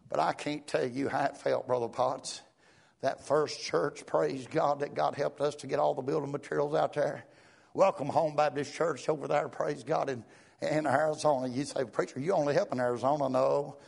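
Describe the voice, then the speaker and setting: A man preaching a fervent sermon, talking in a rhythmic flow peppered with "uh" and "praise God" and rising to shouts at times. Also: mid-range voice, gravelly, breathy edge.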